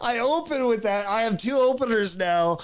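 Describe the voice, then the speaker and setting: A man's voice: extremely high pitch, expressive, moderate pace. A young adult man, a podcast host and stand-up comic, chatting casually and profanely, rambling with restarts. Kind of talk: casual chat.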